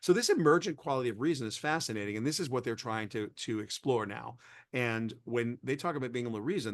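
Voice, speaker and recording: A man's voice: mid-range voice, no echo, studio quality. A man as an interview guest, explaining technology conversationally with everyday examples, often restarting his sentences. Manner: rambling, self-correcting, explains with everyday examples. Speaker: interview guest, tech expert.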